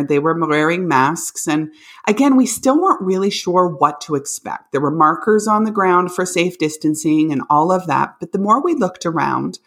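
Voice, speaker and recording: A mother from Canada, around her forties, casually telling a family travel story to her viewers and laughing along the way. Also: lowish voice. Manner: animated, laughs while telling. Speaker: vlogger.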